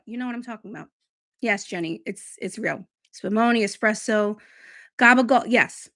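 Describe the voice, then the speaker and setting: A woman's voice: medium pitch, normal speed, fairly bright tone, no room sound, studio quality. A woman hosting a beauty livestream, chatting casually and rambling as she reads viewer comments. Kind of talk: casual live-stream chat, reading viewer comments.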